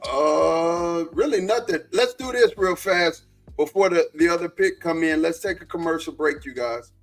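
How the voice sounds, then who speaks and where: A man hosting a live sports podcast in a relaxed way, calling breaks and picks. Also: fairly high pitch, moderate pace, faint music behind. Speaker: podcast host. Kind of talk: casual sports chat.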